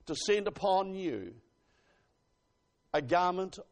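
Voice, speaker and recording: Gravelly high-voiced male preacher. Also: sing-song. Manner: swings from hushed asides to loud exclamations; reads scripture slowly with emphasis. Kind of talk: sermon.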